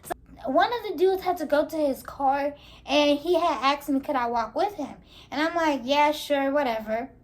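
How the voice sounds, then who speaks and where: A young woman vlogger telling a casual, animated storytime, laughing and slangy as she goes. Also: high-pitched, normal speed. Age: young adult.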